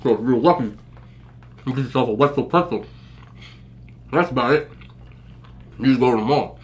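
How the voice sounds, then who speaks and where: A man in his forties telling stories to viewers in a relaxed, joking way, laughing often and using plenty of slang. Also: medium pitch, moderate pace. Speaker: mukbang host. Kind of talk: casual storytelling to viewers.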